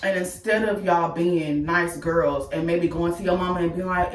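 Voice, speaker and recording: A woman bluntly telling her own life story to viewers, profane and animated, speaking straight to her audience. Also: lowish voice, moderate pace, far from the mic. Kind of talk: casual personal storytelling to viewers. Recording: echoey room with the voice off-mic.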